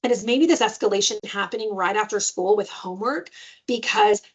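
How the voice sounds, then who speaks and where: A woman's voice: medium pitch, fairly quick, breathy edge. A woman giving an informal parenting webinar, speaking conversationally and often checking in with "right?". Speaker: parenting trainer.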